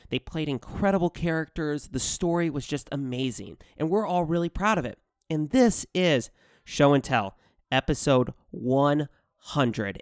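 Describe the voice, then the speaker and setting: A man's voice: a little high, no room sound, studio quality. A young man hosting a podcast, chatting casually from a hotel room, laughing often and correcting himself as he goes. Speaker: podcast host. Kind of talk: casual chat.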